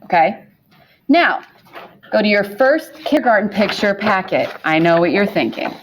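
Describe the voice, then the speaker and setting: Lively woman teaching a math class. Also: mid-range voice, moderate pace, slight background noise. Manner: lively, repeats key points, asks students questions. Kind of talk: classroom lecture.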